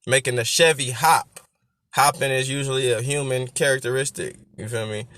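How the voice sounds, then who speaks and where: A man hosting a rap breakdown, talking casually, laughing loudly and explaining lyrics like a teacher. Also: mid-range voice, fairly even intonation, moderate pace, dry recording. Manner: repeats lines to stress syllables. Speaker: rap reaction host.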